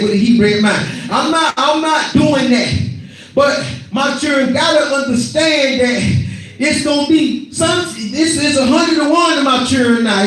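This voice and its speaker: A middle-aged male preacher with a very high voice, delivering a fervent sermon with shouted, repeated lines. He sounds distant from the mic, and his voice rings through a very echoey worship hall.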